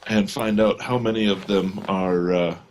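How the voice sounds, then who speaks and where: A man playing a tabletop game, speaking in character in a measured, diplomatic way. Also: low-pitched, fairly even intonation, a little hiss or hum. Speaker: player.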